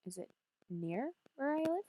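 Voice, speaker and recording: A woman's voice: high voice, very animated, unhurried, warm tone, no echo. Playful sarcastic woman streamer. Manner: playful, sarcastic, makes silly beep and boop noises. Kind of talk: casual chatter while playing a game.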